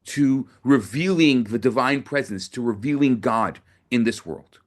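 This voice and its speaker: A man's voice: medium pitch, a little slow. A man, a rabbi, giving an earnest sermon in a storytelling manner, often repeating words as he builds to a point.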